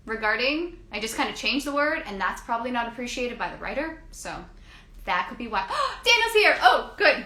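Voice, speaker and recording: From her home studio, a Canadian woman hosts a live-stream chat, rambling casually and joking at her own expense in a chatty, self-mocking way. Her mid-range voice is sharp, and the sound is roomy.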